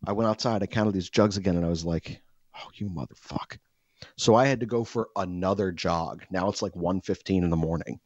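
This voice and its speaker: A man telling a self-mocking comic story in casual chat, animated and swearing freely. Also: low voice, a little fast, hardly any pauses, no echo, dull audio.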